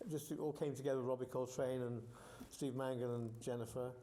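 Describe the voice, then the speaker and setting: An older filmmaker answering audience questions at a cinema, rambling and halting with fillers. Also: male voice, medium pitch, steady tone, dark tone. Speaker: filmmaker guest at a Q&A. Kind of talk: casual Q&A answers. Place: cinema auditorium Q&A. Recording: roomy echoey cinema.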